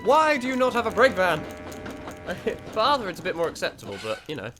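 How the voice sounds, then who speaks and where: A man gives casual reaction commentary in a rambling, stammering way, with many restarts. His pitch is lively and swings widely, sitting a bit high. Clear music plays behind him. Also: normal speed. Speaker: reaction video host.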